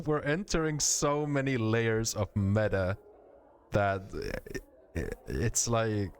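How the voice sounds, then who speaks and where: A man's voice: fairly low pitch, slow pace, clear, resonant tone. A man with a Finnish accent streaming a game, making exasperated, self-mocking asides while reading. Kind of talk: casual let's-play commentary.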